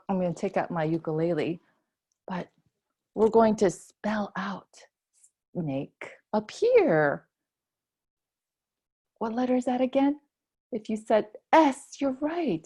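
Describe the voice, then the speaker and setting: A woman's voice: mid-range voice, animated, slow, long pauses, mellow, breathy edge. A woman, a children's librarian, teaching a preschool storytime lesson with gasps and a sing-song delivery for small children.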